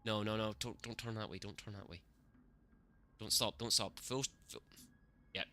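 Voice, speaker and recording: A man streaming gameplay, reacting excitably to the match and talking to his chat, cursing at the game. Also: on the low side, normal speed, a little hiss or hum. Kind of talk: live gameplay commentary.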